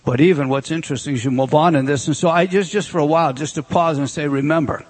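A man's voice: fairly high pitch, fast. Emphatic male preacher. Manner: emphatic preaching, rhetorical questions. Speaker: pastor. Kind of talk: sermon.

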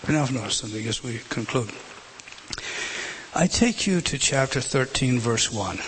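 Preacher man dropping to hushed whispers. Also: medium pitch, expressive, moderate pace, a little hiss or hum, poor audio. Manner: dramatic drops to a hushed whisper. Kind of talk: sermon.

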